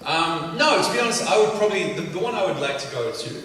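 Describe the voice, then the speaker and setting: A man's voice: a little high, expressive, fast talker. A British man from England, chatting on a convention panel in a playful, laughing, rambling way. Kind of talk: casual panel chat. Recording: echoey hall, far from mic, loud crowd noise.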